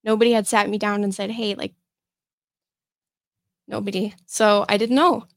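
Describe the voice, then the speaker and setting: A woman's voice: medium pitch, flat delivery, vocal fry, dry recording. Young woman guest on a podcast, lots of ums and restarts, dead dry sound. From Michigan, USA. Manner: halting, full of fillers and restarts. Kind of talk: personal storytelling in an interview.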